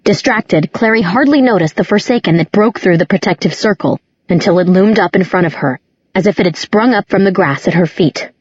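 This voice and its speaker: A woman reading a dark fantasy novel aloud as scripted storybook narration, in a measured, dramatic way. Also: mid-range voice, husky, no echo. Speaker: audiobook narrator. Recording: dull lo-fi audiobook recording.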